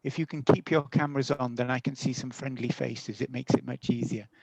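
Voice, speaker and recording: A man giving a webinar talk as a guest teacher educator, friendly and measured, with some fillers. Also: mid-range voice, fairly even intonation, creaky, darkish tone, no echo, poor audio. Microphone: video call.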